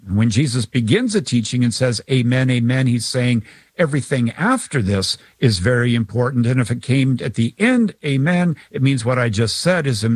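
A man's voice: mid-range voice, darkish tone, dry recording. A man teaching about scripture in a conversational way, acting out his examples. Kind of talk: explanatory talk.

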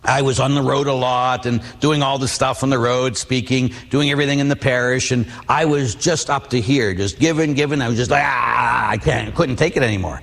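A man's voice: mid-range voice, fairly even intonation, fairly quick, few pauses. A middle-aged man, a Catholic priest, preaching a sermon, telling personal stories and asking the audience questions. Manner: storytelling, rhetorical questions to the audience. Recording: long hall reverb.

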